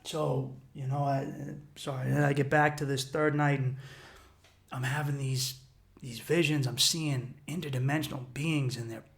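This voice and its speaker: A man's voice: mid-range voice, fairly even intonation, a little slow, creaky. A man in his thirties hosting a solo podcast, telling a personal story in an intense, profane way and acting out his own inner voices. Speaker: podcast host.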